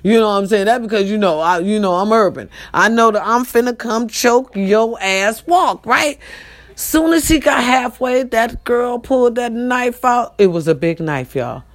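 A woman hosting a casual talk show, telling a story to her listeners in a lively, profane, chatty way. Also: fairly high pitch, normal speed. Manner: animated, profane, addresses listeners directly.

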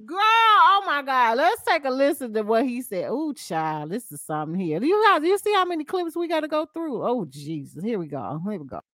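A woman hosting a casual gossip show, talking things over with a co-host in a chatty, reactive way. Her voice sits a little high. The sound is dry and close, with no room around it. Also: sing-song, brisk, few pauses, a bit bright, no room sound. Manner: reacts with sighs and laughs, reads posts aloud with censored words. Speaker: podcast host.

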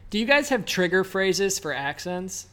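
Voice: mid-range voice, sing-song, normal speed, bright, forceful tone. A podcast co-host with a dry, wisecracking way of talking, swearing casually. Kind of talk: casual chat.

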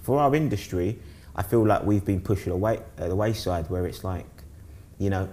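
Speaking at a moderate pace in a low-pitched voice, a young man with a London accent from South East London, England, chats casually as a guest. He tends to ramble, repeat words and restart, and he's animated when telling stories.

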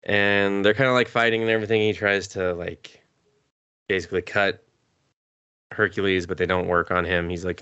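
A man's voice: deep voice, little pitch movement, normal speed, bright, forceful tone, smooth, no room sound, muffled recording. Rambling, swearing man with a cough. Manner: rambling and profane, chuckles often. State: sick with a cough. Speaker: podcast host. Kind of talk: casual chat recapping anime.

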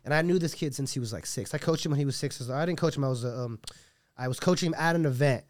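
A man's voice: mid-range voice, fast, no echo. A man speaking as a jiu-jitsu coach in a casual podcast interview, rambling and earnest with many restarts. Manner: earnest and heartfelt.

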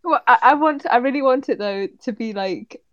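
Woman, bright higher pitch, excitable and gushing, dry close recording. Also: moderate pace, no room sound, highs cut off. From Britain. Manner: enthusiastic, gushing, laughs a lot. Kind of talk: casual chat.

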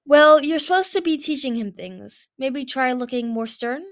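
A woman reading a storybook aloud, voicing an earnest, anxious young female seer dragon in a high, apologetic way. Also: lively intonation, moderate pace.

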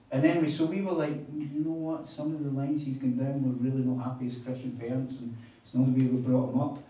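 A man preaching a sermon, telling a story in a chatty, animated way with quoted dialogue. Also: mid-range voice. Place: conference hall on a weekend retreat. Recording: echoey hall, mic at a distance.

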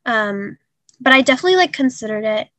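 A young woman telling a painful personal story in an interview, halting and earnest with many fillers. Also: on the high side, lively intonation, sharp tone, no room sound. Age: young adult. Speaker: guest.

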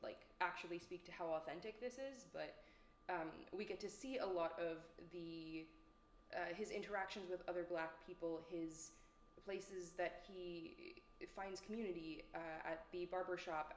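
Woman film reviewer, casual and rambling, hesitant delivery, roomy home recording with faint background hiss. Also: on the low side. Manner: rambling, hesitant, lots of fillers and restarts. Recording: echoey room.

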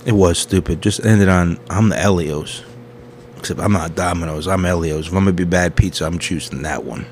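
A man's voice: low voice, a little fast, a little hiss or hum. A man hosting a comedy podcast, rambling through a crude, self-mocking monologue full of tangents. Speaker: podcast host.

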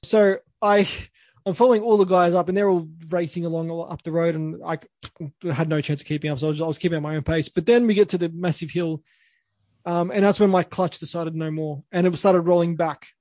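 A man's voice: on the high side, fairly even intonation, a little fast, a little mellow, no room sound. A young Australian man, a podcast co-host, telling a rambling story full of restarts and laughs. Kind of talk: casual storytelling.

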